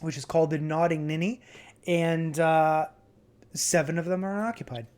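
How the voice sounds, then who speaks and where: A man narrating as game master in a tabletop game, relaxed and hesitant, with many fillers. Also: a little high, normal speed, clean tone.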